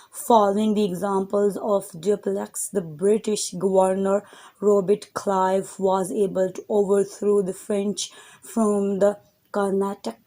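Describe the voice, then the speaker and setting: A woman's voice: medium pitch, mellow. A woman teacher reading a textbook chapter aloud and stopping to explain words to her students. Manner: reads text aloud, then explains words; addresses her students directly.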